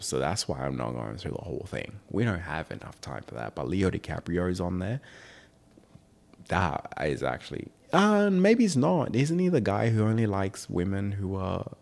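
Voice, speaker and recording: A man's voice: a bass voice, creaky, darkish tone. A young man hosting a podcast, chatting casually in a rambling, joking, offhand way. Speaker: podcast host. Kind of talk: casual chat.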